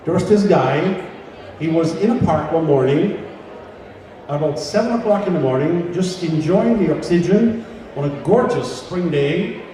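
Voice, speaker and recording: High-voiced man emceeing in an echoey hall. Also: animated, a little slow, warm tone, far from the mic, a little hiss or hum. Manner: chatty, ad-libbing, addresses the crowd. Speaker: gala emcee. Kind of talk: live event hosting and joke telling. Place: large banquet hall.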